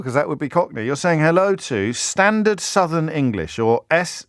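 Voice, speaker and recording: A man's voice: fairly high pitch, very animated, fairly quick, few pauses, dry recording, clean studio sound. A middle-aged man hosting a live radio phone-in, thinking aloud in a chatty way and often restarting his sentences. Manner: musing, chatty, with frequent restarts and stammered repeats. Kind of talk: live talk-radio monologue. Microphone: studio microphone.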